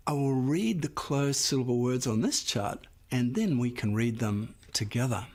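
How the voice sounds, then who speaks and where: A man teaching a phonics lesson, explaining syllable rules patiently and sounding out words slowly and clearly for the class. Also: mid-range voice, lively intonation, a little mellow. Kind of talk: slow, clear classroom instruction.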